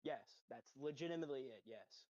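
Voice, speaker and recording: A man of average pitch describes his character's moves in a tabletop game, plain and matter-of-fact. His voice comes through a muffled, lo-fi microphone. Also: a little fast, darkish tone, no echo. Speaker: player. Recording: muffled lo-fi mic.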